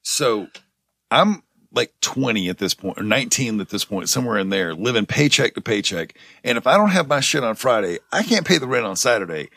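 A man's voice: mid-range voice, brisk, dry recording, clean studio sound. A young man on a podcast, telling a story in a casual chat. He swears a lot and works himself up as he talks. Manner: animated storyteller, swears a lot, gets heated. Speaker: podcast co-host.

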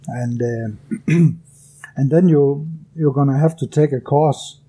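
Danish guy, english not his first language, slow careful answers with lots of uh, dark husky voice. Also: medium pitch. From Denmark. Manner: hesitant, many uh fillers, careful phrasing. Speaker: guest, bow hunter. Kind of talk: casual interview.

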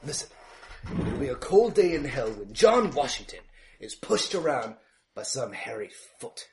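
A man's voice: medium pitch, sing-song, moderate pace, background noise. A man voicing a blustering, drunk, rich middle-aged commentator who bellows indignantly.

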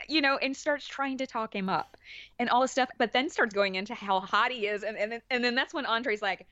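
A woman chatting as a podcast guest, animated, laughing often and restarting her sentences. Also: medium pitch, no echo. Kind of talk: casual chat. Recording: dull dry lo-fi audio.

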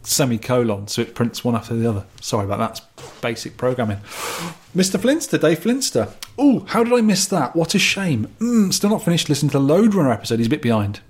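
Brief: podcast co-host, man, Dorset accent, husky and jokey. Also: medium pitch, expressive, fast talker, few pauses. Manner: jokey, banters and reads listener messages. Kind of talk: casual chat.

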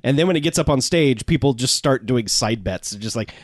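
Male co-host, wry and animated, swinging pitch, dry sound. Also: no room sound. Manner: sardonic, acts out characters in quick voices. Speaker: podcast co-host. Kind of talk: casual movie recap chat.

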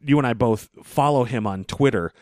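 A man's voice: mid-range voice, moderate pace, darkish tone, no room sound, clean studio sound. A man co-hosting a podcast from a living room, chatting casually in a wry, rambling way with the odd swear word. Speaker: podcast co-host. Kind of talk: casual chat. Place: living room, mobile recording rig.

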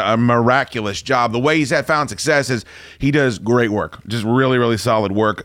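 A man hosting a talk radio show, ranting in a loud, profane way and laughing between lines. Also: medium pitch, dry recording, studio quality.

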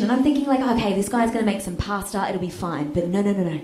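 A woman's voice: a little high, steady tone, fast, few pauses, darkish tone. A woman doing a bawdy stand-up comedy set, telling a story and laughing through her lines. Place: comedy club stage with audience. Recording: echoey club room, audience noise.

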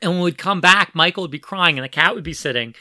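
A man telling stories about raising his child, animated and full of restarts, acting out quoted voices. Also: fairly high pitch, fast talker, no room sound, clean studio sound. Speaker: parent telling family stories. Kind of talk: casual storytelling conversation.

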